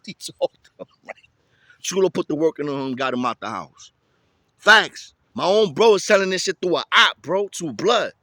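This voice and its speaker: New guy telling a jail story, kinda high voice, sharp and bright, slangy. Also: dry recording, studio quality. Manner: street slang, animated, tosses in "you feel me". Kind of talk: casual storytime monologue.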